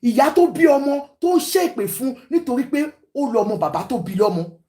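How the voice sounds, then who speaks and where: A woman's voice: high voice, big pitch swings, fast, mellow. A Nigerian woman hosting a talk show, giving preachy, emphatic commentary to her panel and often switching into Yoruba.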